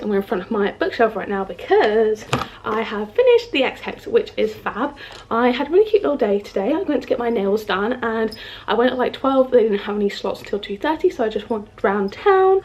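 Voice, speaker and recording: A woman's voice: on the high side, darkish tone, highs cut off. A young woman in her twenties from the UK chatting casually to camera as a book vlogger at home by her bookshelf, bubbly and full of "like" and "um". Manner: chatty, bubbly, filler-heavy with lots of "like" and "um". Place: home room in front of a bookshelf.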